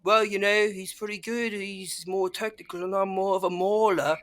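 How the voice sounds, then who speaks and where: Big burly lineman voice as a man puts it on, clumsy fake accent, higher pitch, offhand boasting. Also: fairly even intonation, normal speed, a bit bright. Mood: casual.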